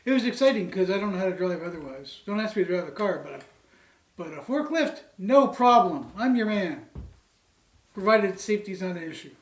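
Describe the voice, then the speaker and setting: A man's voice: high-pitched, animated, a little fast, recorded from a distance. Rambling joking man in an echoey room. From Canada. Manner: rambling, jokey, says "anywho" often. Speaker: co-host. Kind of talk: casual beer-tasting chat.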